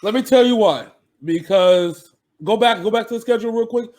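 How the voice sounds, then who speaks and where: A man's voice: high voice, fairly quick, a little mellow. A man co-hosting a sports podcast, talking casually and animatedly, laughing and swearing freely.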